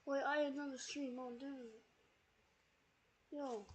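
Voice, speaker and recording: A woman's voice: sits high, level tone, normal speed. A woman streamer in a put-on British accent, casually rambling as she explains a physics sandbox game while playing. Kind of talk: casual gameplay commentary.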